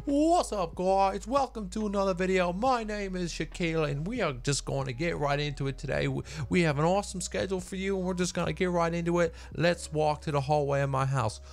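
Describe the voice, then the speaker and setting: A squeaky, hyper young YouTuber fellow launches into breathless, over-eager patter, as a low-voiced man puts him on. His pitch jumps way up from his normal voice, with a vague put-on accent. It plays as a lampoon of video-host hype. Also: fairly quick, creaky, hardly any pauses. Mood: hyped.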